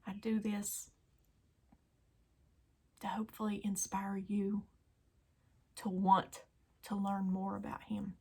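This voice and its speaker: A woman hosting a daily devotional video, talking earnestly and emotionally to her viewers and often dropping to a soft whisper. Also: mid-range voice, monotone, takes it slowly, vocal fry, pauses often, breathy edge. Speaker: Christian YouTube devotional host.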